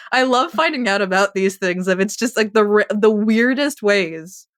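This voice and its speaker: A woman's voice: mid-range voice, lively intonation, unhurried, dry recording, clean studio sound. A woman co-hosting a podcast, recapping a TV episode in a chatty, rambling way with restarts and laughs. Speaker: podcast co-host. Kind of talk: casual TV recap chat.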